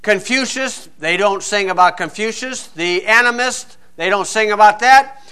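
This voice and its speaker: A man's voice: high-pitched, normal speed, pushed and bright, smooth. A man preaching a sermon in a folksy, joking and emphatic way.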